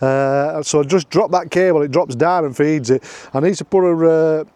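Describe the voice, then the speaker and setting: A man's voice: on the high side, moderate pace, dark tone, clear, resonant tone, no room sound. A middle-aged man with a Yorkshire accent, chatting jokily in a casual travel vlog from a campsite, filming himself on a handheld phone and repeating his phrases. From Yorkshire, England. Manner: chatty, jokey, repeats phrases, laughs often. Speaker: vlogger. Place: outdoors at a campsite.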